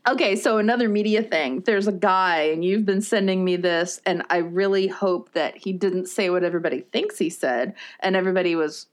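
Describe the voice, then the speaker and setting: A woman's voice: on the low side, brisk, few pauses. Chatty woman podcast co-host. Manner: chatty, laughs often, storytelling. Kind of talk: casual chat.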